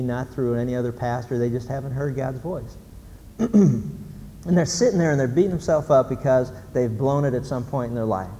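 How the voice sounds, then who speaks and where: A man's voice: mid-range voice, dark tone. Male pastor preaching, storytelling and emphatic, in a reverberant church hall with faint noise. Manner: storytelling, emphatic, asks the audience questions. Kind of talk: sermon.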